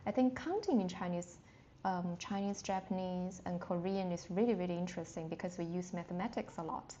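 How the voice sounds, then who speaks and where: A woman teaching a live online Mandarin lesson, speaking slowly and patiently with frequent fillers and quick apologies, jumping to a high sing-song pitch to demonstrate tones. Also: warm tone, muffled recording, a little hiss or hum.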